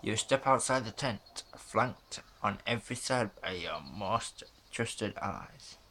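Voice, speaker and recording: Man reading game narration aloud, flat and gravelly, slow. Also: lowish voice, slight background noise. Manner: flat, unhurried reading with small stumbles.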